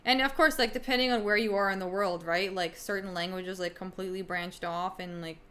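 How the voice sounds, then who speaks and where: A woman's voice: mid-range voice, fairly even intonation, a little fast, sharp tone. A young woman streaming, chatting casually with viewers in a rambling way, with lots of fillers and casual swearing. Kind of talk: casual livestream chat answering viewers.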